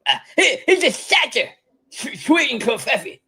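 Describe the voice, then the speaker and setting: This comedic monologue has a performer impersonating a drunk older stateswoman who rambles and stumbles through sentences with stammers, false starts and giggles, losing her thread. The heavily acted voice sits high, very animated and a little slow, leaping about bright and sharp with a husky, breathy edge.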